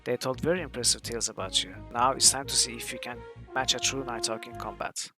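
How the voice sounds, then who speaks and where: A man's voice: medium pitch, fairly even intonation, a little fast, creaky, over music, lightly acted. A man reading aloud the lines of a cunning male assassin guild leader in a game, in a cool, menacing way.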